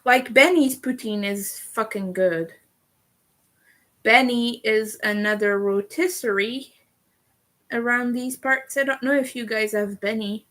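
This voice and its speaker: A young woman chatting casually on a livestream, giggly, with occasional vocal fry. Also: fairly high pitch, steady tone, takes it slowly, long pauses, a bit bright. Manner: chatty and giggly, laughs often. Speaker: streamer.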